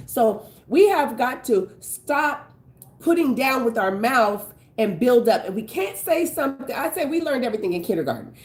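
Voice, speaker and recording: A woman prophetess giving lively, joking relationship advice in a preaching style. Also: on the high side. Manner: animated, laughing, quick to joke. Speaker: prophetess and co-host.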